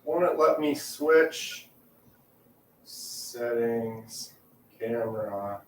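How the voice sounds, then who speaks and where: Slow-talking man in an echoey garage. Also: mid-range voice, slight background noise. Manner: rambling, chuckling, thinks aloud. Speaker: livestream co-host. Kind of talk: casual chat. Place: garage, indoors. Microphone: phone.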